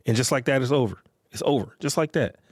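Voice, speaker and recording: Here a male podcast host talks at a quick pace in a mid-range voice, captured in clean studio sound with no room sound. His monologue is casual, rambling and profane, and he frequently checks in with listeners using the phrase "you get what I'm saying."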